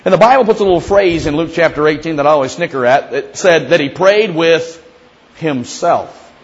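A man with a somewhat high voice preaches a sermon. He talks to the congregation like a storyteller, leaning into acted quotes of prayers and Bible figures. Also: moderate pace, muffled recording. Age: young adult or middle-aged father. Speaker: pastor.

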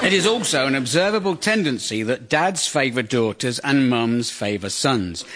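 Wry comedian. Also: male voice, mid-range voice, moderate pace, background noise. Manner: wry, sardonic, deadpan. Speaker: comedian host. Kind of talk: stand-up monologue.

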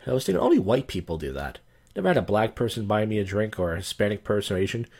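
Middle-aged drunk comedian hosting a solo podcast, low voice, loose and slurring. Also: male voice, big pitch swings, fast talker, vocal fry, a little mellow, slightly rough. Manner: slurred, loose, crude, wandering storytelling. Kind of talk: rambling casual podcast monologue.

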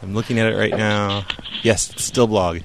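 Brief: low-pitched man, prank call show host, mocking and giggly, casual banter. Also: steady tone, moderate pace, noisy background. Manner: laughing, mocking, rambling.

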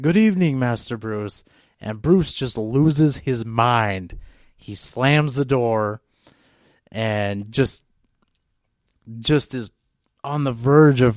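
A male podcast co-host drifts through a long, casual story, heavy on fillers and restarts. His voice is mid-range, captured in a dry, clean studio recording.

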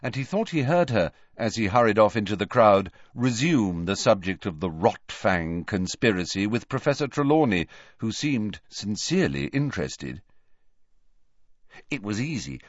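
A man's voice: medium pitch, no room sound, highs cut off. A man reading an audiobook aloud as its narrator. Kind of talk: scripted narration.

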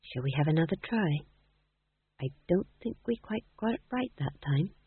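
Reader doing a shy hesitant young jester guy, earnest, husky tinny sound. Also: on the high side, expressive, moderate pace, no echo, full character voice. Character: anxious, timid young male jester. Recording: tinny, dry phone-like audio.

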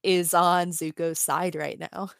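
Slow-talking woman in casual chat. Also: fairly low pitch, little pitch movement, creaky, clear, resonant tone, no room sound, clean studio sound. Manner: chatty, restarts and trails off. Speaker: podcast co-host.

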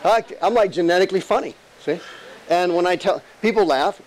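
A male pastor preaching an animated, emphatic sermon full of rhetorical questions and jokes. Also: sits high, brisk, rough recording.

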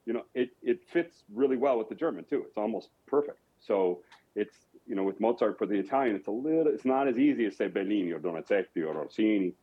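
Low husky man. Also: animated, fast. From rural Colorado, USA. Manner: reflective, explanatory. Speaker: opera singer, guest. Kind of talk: casual interview talk. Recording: dull lo-fi audio.

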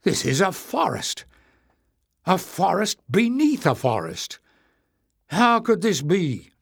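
A man voicing a gruff grown male warrior companion in an audiobook. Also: fairly high pitch, expressive, a little slow, dry recording, clean studio sound, exaggerated voice. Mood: awed.

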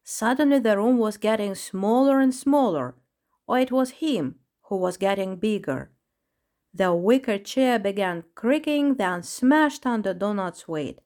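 A woman narrating a children's storybook in a measured, unhurried reading voice. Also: mid-range voice, expressive, a little mellow.

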